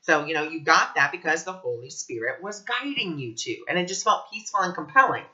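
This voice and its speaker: Earnest man teaching spirituality, bright voice. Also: a little high, brisk, lo-fi sound. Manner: earnest, animated storytelling with quoted voices. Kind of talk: casual spiritual talk to camera.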